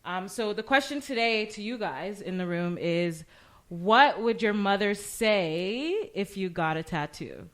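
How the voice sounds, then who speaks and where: A woman co-hosting a casual radio talk show, lively and laughing often. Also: mid-range voice, measured pace. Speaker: co-host.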